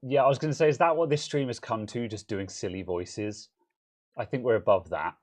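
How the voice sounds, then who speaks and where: A man's voice: medium pitch, fairly quick, darkish tone. A young English man with a Home Counties accent, co-hosting a casual tech live stream in a rambling, self-interrupting way. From England. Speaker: co-host.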